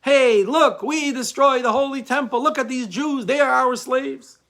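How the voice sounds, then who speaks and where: A man voicing a group of mocking young Roman revelers, jeering loudly in a retold story. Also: extremely high pitch, normal speed, voice pushed up.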